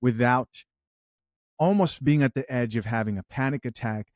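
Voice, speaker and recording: A man comments on a clip as host, choosing his words carefully and stacking disclaimers. His voice sits at an ordinary middle pitch. The sound is dry and close. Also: no room sound. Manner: measured, hedging, with disclaimers. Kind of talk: reaction commentary.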